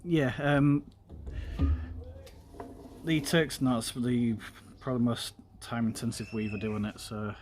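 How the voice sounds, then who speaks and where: A man's voice: mid-range voice, steady tone, slow pace, long pauses, slight background noise. A man casually talking viewers through a paracord weave while working, rambling with lots of ums and side chat about games. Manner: rambling, filler-heavy, talks while working with his hands. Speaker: streamer. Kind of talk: casual craft tutorial chat.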